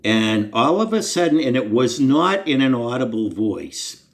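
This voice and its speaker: A man's voice: medium pitch, very animated, unhurried. A man telling a personal faith story to the camera in an earnest, conversational, self-deprecating way. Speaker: Christian storyteller.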